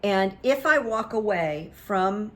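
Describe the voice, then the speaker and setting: A woman's voice: mid-range voice, lively intonation, slow. A woman hosting her own show, telling a casual story in a chatty, self-deprecating way with lots of fillers. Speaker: host.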